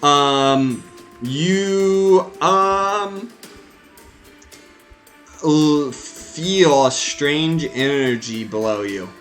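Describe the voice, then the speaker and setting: A man narrating as game master in a tabletop game, animated and stumbling over his words. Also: medium pitch, extremely slow, hardly any pauses, faint music behind. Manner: animated narration with many fillers and restarts.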